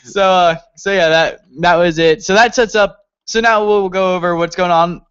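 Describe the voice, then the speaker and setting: A man's voice: high-pitched, fairly even intonation, moderate pace, a bit bright, clean tone, no room sound, muffled recording. A man co-hosting a casual wrestling review podcast, rambling and laughing as he talks. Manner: rambling, laughing often, lots of fillers. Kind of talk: casual chat.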